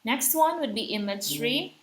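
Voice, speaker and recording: A woman's voice: fairly high pitch, lively intonation, normal speed. A woman teaching a literature lesson, explaining terms and asking her listeners rhetorical questions. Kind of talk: literature lecture.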